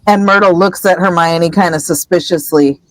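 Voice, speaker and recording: A woman co-hosting a casual book podcast, retelling a chapter expressively and jumping into high voices for the characters she quotes. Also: normal speed, rough recording. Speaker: podcast co-host.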